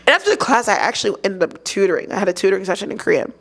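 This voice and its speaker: A young woman telling a story as a guest in a casual interview, with an animated, laughing delivery. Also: mid-range voice, rapid-fire. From United States.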